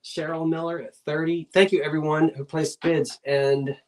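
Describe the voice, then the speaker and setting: A woman's voice: sits low, flat delivery, normal speed, a little mellow. An older woman with a New Jersey accent, hosting a live online antiques sale in a chatty, rambling way, talking to herself and her viewers as she goes.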